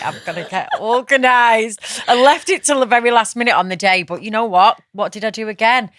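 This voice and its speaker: A woman's voice: medium pitch, brisk, dry recording. A woman co-hosting a podcast, telling stories in casual chat and acting out conversations, recorded in a studio. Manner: animated storytelling, acts out conversations. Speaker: podcast co-host.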